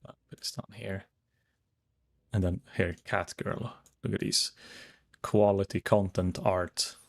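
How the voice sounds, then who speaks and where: A man's voice: sits low, fairly even intonation, slow, creaky. A man chatting casually to his viewers while streaming a game, rambling as he browses and reads chat.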